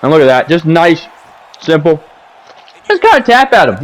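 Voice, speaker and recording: Animated ranting man commenting on gameplay. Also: moderate pace, low-quality recording. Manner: animated, ranting, repeats himself, says boom a lot. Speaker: gaming commentator. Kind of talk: casual commentary over gameplay footage. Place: home gaming setup, seated.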